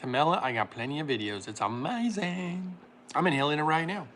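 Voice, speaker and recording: A man hosting a casual livestream, reading chat comments aloud and laughing often while making a smoothie. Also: on the high side, a little fast, fairly bright tone, slight background noise.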